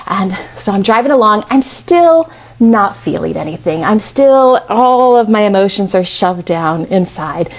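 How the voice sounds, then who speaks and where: A woman of about fifty giving a storytelling talk in a conversational, expressive way. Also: medium pitch, unhurried. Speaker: speaker.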